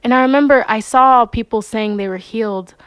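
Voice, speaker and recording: A young adult woman, a singer-songwriter and podcast guest, telling personal stories in a casual, animated way, acting out voices and saying "like" often. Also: fairly high pitch, fairly quick, smooth, no room sound. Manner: animated, acts out quoted voices, frequent "like". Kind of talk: casual storytelling interview.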